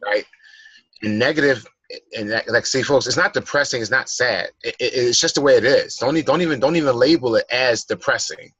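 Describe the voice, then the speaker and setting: A man's voice: medium pitch, fairly quick, fairly bright tone, husky, no room sound, dull audio. A man speaking as a guest in a personal development class, earnestly coaching listeners and rephrasing his points. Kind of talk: motivational talk.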